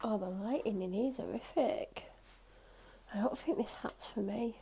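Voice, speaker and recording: A woman's voice: mid-range voice, normal speed, warm tone, a little hiss or hum. A woman vlogging at home on a clip-on mic, ill and tired, chatting in a rambling, self-mocking way. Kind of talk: casual chat. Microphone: clip-on microphone.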